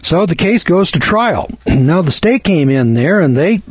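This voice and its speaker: Folksy man with a husky voice. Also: fairly high pitch, very animated, a little slow, no room sound. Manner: folksy, colloquial, emphatic. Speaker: seminar speaker. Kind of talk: storytelling lecture. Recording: dull lo-fi recording.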